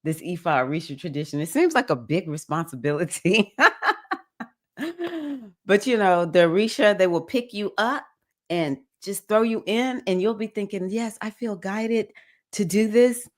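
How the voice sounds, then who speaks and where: Woman livestream host, casual chat, lower-pitched voice, enthusiastic and cheering. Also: expressive, normal speed. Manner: enthusiastic, cheering viewers with whoops; reads viewer comments aloud.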